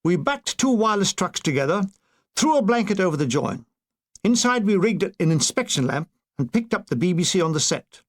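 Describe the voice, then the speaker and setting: A man's voice: high-pitched, big pitch swings, moderate pace. An older man reading his own war memoir aloud, with dry comic timing. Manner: dry comic delivery with brief put-on voices. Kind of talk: audiobook narration.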